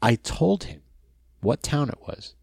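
A man from New Jersey, co-hosting a casual chat over a video call and telling profane, animated stories. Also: medium pitch, unhurried, vocal fry, breathy edge, dry recording. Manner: profane, storytelling, animated impressions. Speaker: podcast co-host.

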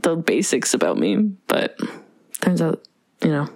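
A woman's voice: deep voice, unhurried, dry recording. A young woman co-hosting a podcast, chatting casually and giggling often. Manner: giggly, lively, talks over her friend. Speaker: podcast co-host. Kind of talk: casual chat.

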